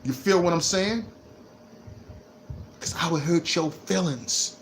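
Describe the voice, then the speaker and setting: A man ranting on his vlog, repeating himself and swinging between low muttering and loud laughing outbursts. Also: slow pace, slight background noise. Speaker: vlogger. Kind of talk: unscripted livestream rant.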